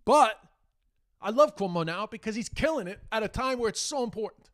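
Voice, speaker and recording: A man's voice: sits high, lively intonation, fairly quick, fairly bright tone. An Irish man hosting a podcast, delivering a heated, exasperated casual monologue full of swearing. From Ireland. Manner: heated, exasperated, profane, mocks quoted speech. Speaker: podcast host.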